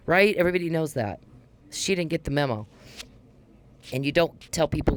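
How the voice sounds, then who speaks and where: A woman with a deep voice hosts a podcast, delivering a casual monologue at normal speed. She's blunt and heated, swearing often and repeating herself for emphasis.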